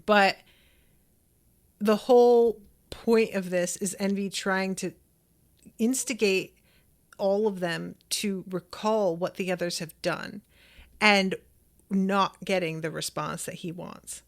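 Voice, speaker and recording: A woman hosts a casual reaction podcast and talks through an episode with open enthusiasm. She takes her time over each thought in an unhurried, drawn-out delivery, and her pitch sits in the middle range. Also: steady tone. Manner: chatty and enthusiastic, reads listener comments aloud. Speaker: podcast host.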